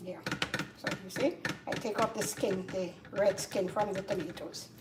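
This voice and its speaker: A woman with a Caribbean accent hosting a casual cooking demonstration, chatty and repeating herself, getting loud and emphatic when she makes a point. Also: mid-range voice, fairly even intonation, moderate pace, distant mic, heavy background noise. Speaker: cooking show host. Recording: echoey kitchen, voice from off-mic. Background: faint clatter of pots and dishes.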